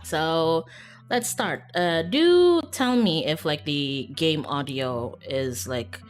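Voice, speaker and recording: A woman's voice: deep voice, lively intonation, slow pace, soft background music. A young woman streaming a game, chatting casually and rambling, often laughing. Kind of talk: casual live-stream chat while gaming.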